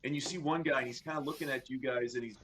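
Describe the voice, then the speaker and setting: A man's voice: medium pitch, fairly even intonation, rapid-fire, a bit bright, slight background noise. A man narrating a tabletop game as game master, rambling with many fillers.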